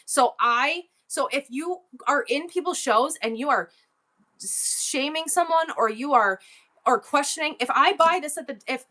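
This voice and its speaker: High bright-voiced worked-up woman. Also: unhurried. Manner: worked-up, rambling, emotional. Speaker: livestream seller. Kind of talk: casual livestream chat.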